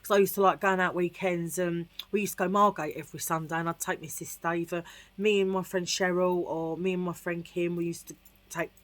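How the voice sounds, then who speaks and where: A woman's voice: fairly low pitch, fairly even intonation, a little fast. A middle-aged woman from Tottenham with a London accent, telling a rambling personal story in casual vlog chat with lots of asides. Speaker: vlogger.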